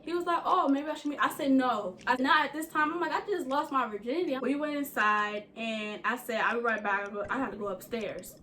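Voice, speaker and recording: Young woman, high-pitched, casual storytime vlog, talks to viewers directly. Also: a little fast, few pauses, sharp tone. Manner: chatty, addresses viewers as y'all and you guys. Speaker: vlogger.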